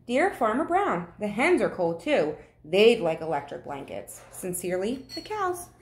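A woman's voice: mid-range voice, very animated, unhurried. A woman reading as polite, demanding cows. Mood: politely firm. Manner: formal letter reading. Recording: echoey room.

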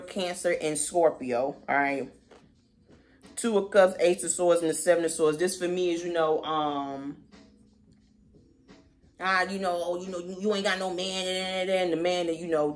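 Sassy woman doing a tarot reading. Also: on the low side. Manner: sassy, slangy, animated asides. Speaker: tarot reader.

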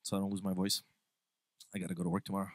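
A young man preaching a sermon in a church on a microphone, lively and quick to laugh, often repeating his words as he goes. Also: low voice, no room sound. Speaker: pastor. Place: church sanctuary. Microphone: handheld or stand mic.

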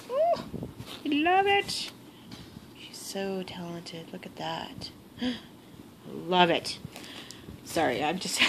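Sitting in her bedroom, a crafting vlogger excitedly unwraps gifts in a casual, gushing chat punctuated by frequent gasps and laughs. Her pitch is fairly low, and the phone-made home recording picks up plenty of noise.

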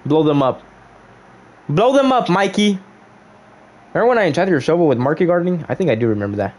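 A young man livestreaming a game, in casual commentary full of slang and banter, swinging from loud teasing outbursts to mock-solemn murmurs. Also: on the high side, sing-song, very fast. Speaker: gaming livestreamer.

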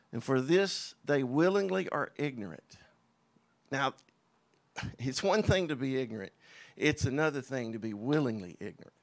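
Gravelly, emphatic preacher man. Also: mid-range voice. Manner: emphatic, conversational preaching with scoffing asides. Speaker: pastor. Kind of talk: sermon.

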